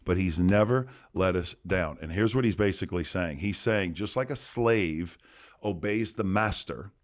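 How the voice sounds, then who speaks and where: Emphatic low-voiced male pastor. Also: moderate pace. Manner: emphatic preacher, repeating key phrases. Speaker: pastor and podcast co-host. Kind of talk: podcast sermon-style teaching.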